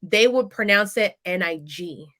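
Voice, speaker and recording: A woman in her thirties from California speaks as a podcast guest. Her voice is bright and clear, and she tells her story in a casual, animated way. She often acts out the lines of the people she quotes. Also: mid-range voice, unhurried.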